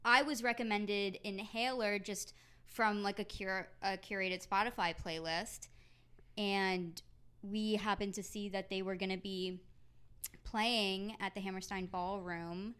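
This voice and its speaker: A young American woman in her twenties, co-hosting a casual podcast chat, teasing and quick, her voice trailing off quietly. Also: medium pitch, fairly even intonation, smooth. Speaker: podcast co-host. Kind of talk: casual chat among friends.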